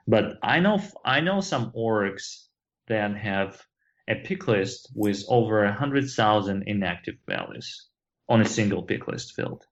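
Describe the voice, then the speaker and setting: A man with a Russian accent, a guest on a podcast, talking casually with halting restarts and dry humor. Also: fairly low pitch, dull audio. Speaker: product manager guest.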